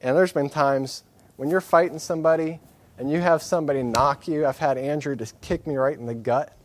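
A man's voice: on the high side, fairly even intonation, fairly quick, slight background noise. A man preaching a sermon, earnest and candid, driving points home with repeated phrases and slipping in self-deprecating asides. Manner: earnest and candid, with emphatic repetition.

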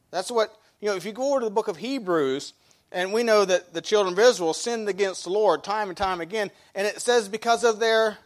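A middle-aged male pastor preaching a sermon in a folksy way, repeating and restarting phrases and reading scripture slowly. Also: sits high.

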